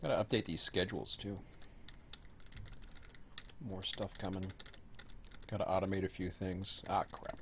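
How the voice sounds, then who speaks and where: A man with a somewhat low voice talks in a loose, rambling way as he works through a game, often half to himself. Faint keyboard clicks sit behind him. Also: little pitch movement, unhurried, creaky, long pauses, noisy background. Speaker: host. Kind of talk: casual gaming commentary.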